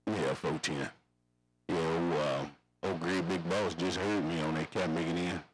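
A man's voice: low voice, fairly even intonation, a little slow, breathy edge, rough recording. A man chatting over CB radio, rambling in slangy, repetitive radio lingo. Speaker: CB radio operator.

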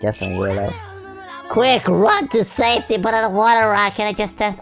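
A Swedish-accented woman giving jokey let's-play commentary, swinging between squeals and low mutters. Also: sing-song, a little fast, creaky. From Sweden. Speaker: gaming channel host. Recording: faint game music behind.

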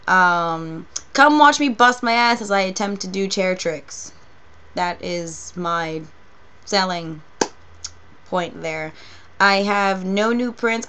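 A woman's voice: medium pitch, fairly bright tone, clear, resonant tone. A young woman with a New York accent, telling a story in a casual vlog, rambling and cursing freely. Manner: rambling, profane, laid-back. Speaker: vlogger and cosplay performer.

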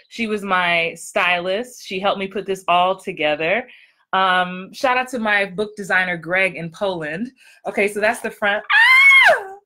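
Woman acting coach, excitable, chatty, direct to camera; bright, forward tone. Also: medium pitch. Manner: excitable, upbeat, talks straight to viewers. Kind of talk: casual livestream chat.

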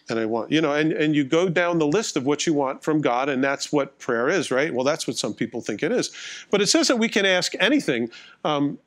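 Middle-aged man, pastor, sermon, fairly high voice, wry and chatty, acts out little exchanges. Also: a bit bright. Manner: conversational, wry and self-mocking, acting out little dialogues.

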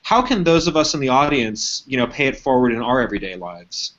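A man hosts an interview, his questions paced and thoughtful. His voice sits at an ordinary pitch, and the audio sounds dull and lo-fi. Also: sing-song, a little fast, a bit bright. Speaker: interview host. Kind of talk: live web interview questions.

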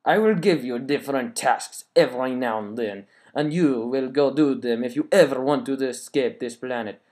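Man putting on a gloating evil villain, mock French accent, loud and theatrical, mid-pitched, cackling menace. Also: normal speed, lightly acted. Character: gloating evil male villain writing notes. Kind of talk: reading a note aloud in a put-on voice.

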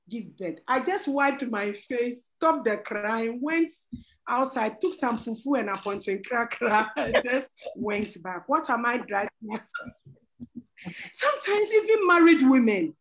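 Woman guest, middle-aged, slightly high voice, earnest pleading testimony with laughs. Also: animated, unhurried, low-quality recording. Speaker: panel guest. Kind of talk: church talk show sharing testimony.

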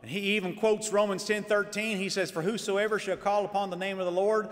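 A man preaching a fiery sermon, swinging between shouted lines and low, emphatic asides. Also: fairly even intonation, a little fast, big-room sound.

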